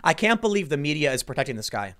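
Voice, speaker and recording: A man hosting a casual political commentary show, talking in an animated, incredulous way with many restarts. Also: fairly high pitch, fast talker.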